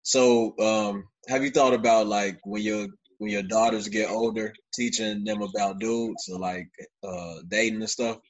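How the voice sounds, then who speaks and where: A man's voice: on the low side, steady tone, a little slow. A man interviewing a guest in an easygoing, casual way. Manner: easygoing, laughs along.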